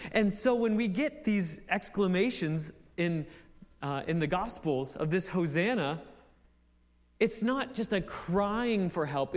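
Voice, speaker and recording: A young man preaching a sermon in a conversational way, with many fillers, building to excited exclamations. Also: high voice, normal speed, in a large hall.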